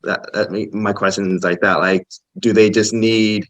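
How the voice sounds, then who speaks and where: A man's voice: lowish voice, fairly even intonation, normal speed, no room sound. A man co-hosting a casual podcast, asking long, meandering questions. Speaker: podcast co-host.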